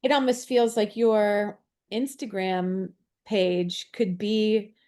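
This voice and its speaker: Woman co-host with a medium-pitched voice, encouraging and affirming in a relaxed chat. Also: takes it slowly, clean tone. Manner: affirming, supportive listener. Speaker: podcast co-host. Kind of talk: casual spiritual chat.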